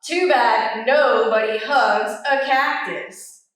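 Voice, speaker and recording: A man's voice: extremely high pitch, slow, a bit bright, full character voice. A woman voicing a blunt, teasing cowboy in a children's story, in an echoey room with the mic far off. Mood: dry teasing. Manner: dry, teasing.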